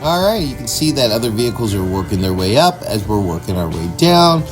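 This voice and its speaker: A man from Washington state hosting a casual off-road vlog, relaxed and chatty with plenty of fillers, recorded on a phone in a vehicle outdoors. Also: fairly low pitch, brisk. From Washington state, US Northwest. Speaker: vlog host. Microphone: phone camera. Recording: music playing underneath.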